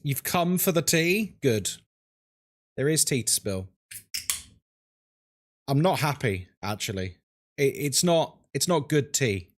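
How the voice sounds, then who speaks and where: A man chatting on a live game stream, his pitch jumping up and down as he greets people by name. He jokes freely and keeps the banter going. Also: sing-song, slow, pauses often. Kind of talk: casual live-stream chat.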